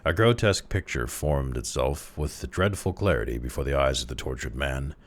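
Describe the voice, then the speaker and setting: A man casually reading a classic short story aloud, with expressive, dramatic delivery. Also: extremely low pitch, normal speed. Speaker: narrator, audiobook reader.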